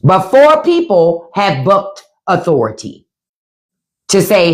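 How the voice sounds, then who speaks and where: Animated, blunt woman hosting a livestream. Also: mid-range voice, slow. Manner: animated, blunt and profane, mimicking others. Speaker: livestream host. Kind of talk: casual political commentary livestream.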